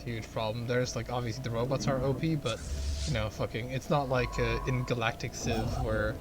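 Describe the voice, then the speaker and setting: A man's voice: medium pitch, steady tone, a little fast. A young man chatting casually while playing a strategy game, rambling and sarcastic with plenty of swearing and fillers. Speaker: gamer. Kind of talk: casual gaming chat. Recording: game music behind the voice.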